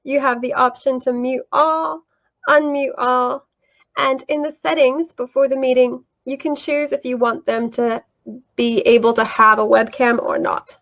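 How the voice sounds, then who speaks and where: A woman's voice: high voice, level tone, a little slow, fairly bright tone, muffled recording. Woman explaining a lesson plan. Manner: clear, explanatory teacher talk with fillers. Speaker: English teacher. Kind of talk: online teaching tutorial.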